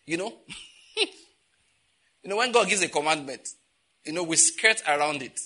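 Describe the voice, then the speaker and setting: A man's voice: a little high, lively intonation, moderate pace, bright, forceful tone, slightly rough. A man preaching a conversational sermon, laughing often and asking his listeners rhetorical questions. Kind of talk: sermon teaching.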